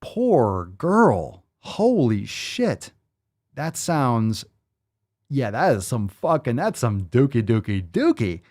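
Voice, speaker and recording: An American man hosting a casual commentary show, reading news stories and riffing on them with profane, animated remarks. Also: medium pitch, slow pace. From United States. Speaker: host.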